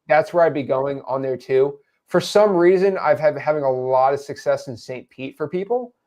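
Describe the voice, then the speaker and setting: A man's voice: a little high, moderate pace, darkish tone. A man hosting a live question session, giving casual coaching advice and calling listeners "man" and "dude". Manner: laid-back, calls people "man" and "dude". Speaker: host answering live questions.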